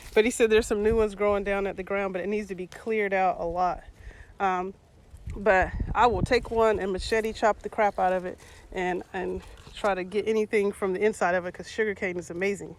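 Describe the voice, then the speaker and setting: A woman's voice: mid-range voice, steady tone, moderate pace, slight background noise. A woman giving a casual livestream tour of a community garden, chatting and laughing with viewers in the comments, recorded outdoors on a hand-held phone. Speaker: vlogger. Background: water hose spraying.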